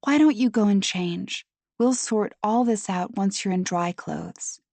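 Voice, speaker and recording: Woman reading motherly woman, gentle, soft, slow, dry studio sound. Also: medium pitch, no echo. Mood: caring.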